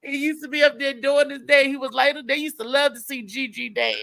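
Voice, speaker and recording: Woman, host, high voice, bright, animated, casual. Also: fairly quick. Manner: animated, laughs often. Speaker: show host. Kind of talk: casual live show chat.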